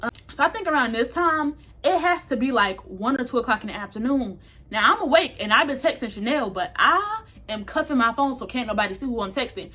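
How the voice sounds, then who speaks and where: Young woman, storytime vlogger, somewhat high voice, frank, salty, loose chatty delivery. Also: animated, fairly quick, pushed and bright. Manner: talks a bit tipsy and loose. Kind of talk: casual storytime.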